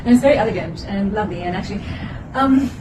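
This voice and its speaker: A woman's voice: medium pitch, fast. Laughing woman in a roomy space. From South Asian family. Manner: laughs often, acts out quotes. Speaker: podcast host. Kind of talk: casual rambling monologue. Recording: roomy, distant, noisy.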